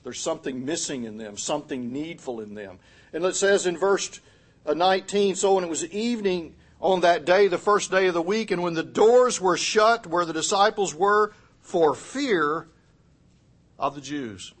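A middle-aged male pastor preaching a sermon, swinging from loud, emphatic lines to quiet asides and acting out quotes. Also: sits high, moderate pace.

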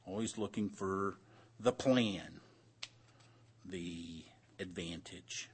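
A man's voice: fairly low pitch, slow, long pauses, fairly bright tone. A man leading an interactive Bible class, asking the group questions and repeating their answers, with some dry humor. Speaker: Bible study teacher.

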